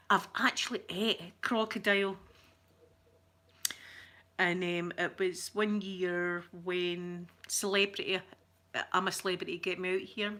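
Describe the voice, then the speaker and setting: A middle-aged woman with a Scottish accent, chatting to a livestream audience in a rambling, giggly storytelling way with soft asides. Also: medium pitch, slow pace, pauses often. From Scotland. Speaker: ASMR channel host.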